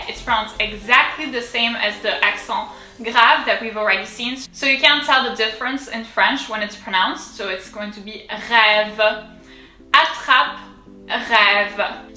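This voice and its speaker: A woman giving a pronunciation tutorial, saying each word slowly and repeating it for drills. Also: on the high side. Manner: slow, careful, repeats words to drill them. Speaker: French pronunciation teacher. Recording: echoey room with soft music.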